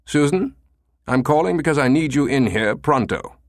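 A man's voice: fairly high pitch, animated, normal speed, no echo, studio quality, voice pushed up. A man voicing a stern, teasing male commander in an audiobook.

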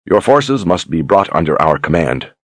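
Polite young lord who's a war wizard, super deep voice, earnest and direct, a man reading him in an audiobook. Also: big pitch swings, normal speed, dry recording. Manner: plain, courteous and direct.

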